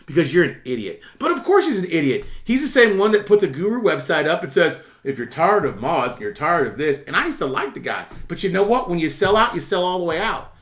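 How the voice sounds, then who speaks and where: High, bright blunt man. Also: very animated, fast talker, hardly any pauses. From United States. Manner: blunt, profane, reads and answers chat. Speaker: YouTube currency commentator. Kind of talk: casual livestream rant.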